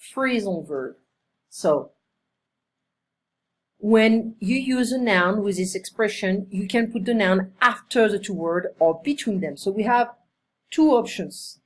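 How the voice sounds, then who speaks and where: A woman teaching a one-on-one English lesson, explaining phrases slowly and carefully and giving many example sentences. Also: mid-range voice, breathy edge.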